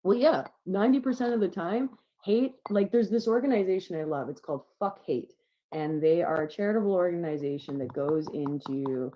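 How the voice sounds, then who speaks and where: A woman with a low, deep voice talks in a loose, unscripted chat and tells a personal story with plenty of swearing. She gets animated at times. The sound is dull and lo-fi, like call audio. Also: moderate pace. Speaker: podcast guest.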